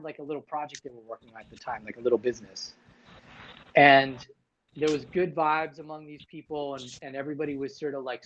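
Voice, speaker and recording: A man's voice: on the high side, muffled recording. A man hosting a casual livestream chat, talking loosely with many fillers and restarts. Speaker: livestream host.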